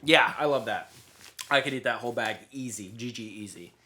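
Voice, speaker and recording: A man co-hosting a podcast, chatting casually while tasting snacks, rambling and joking with loud bursts of laughter. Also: medium pitch, a little fast, a little hiss or hum. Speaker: podcast co-host.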